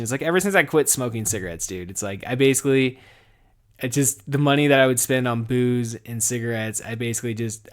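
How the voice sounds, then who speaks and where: Young adult man, podcast host, casual rant, profane, rambling, laughs often. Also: mid-range voice. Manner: swings between mumbled asides and loud excited bursts. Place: home garage office.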